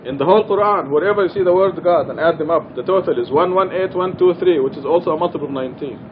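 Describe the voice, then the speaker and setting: A middle-aged man giving an informal, earnest religious study talk in a mosque, explaining and emphasizing his points. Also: fast talker. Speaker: Quran study teacher. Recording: dull lo-fi archival recording with faint rumble.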